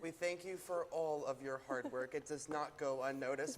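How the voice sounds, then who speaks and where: A woman's voice: sits low, normal speed, over a noisy crowd. Woman hosting in a reverberant hall. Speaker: student news show host. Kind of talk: studio show hosting.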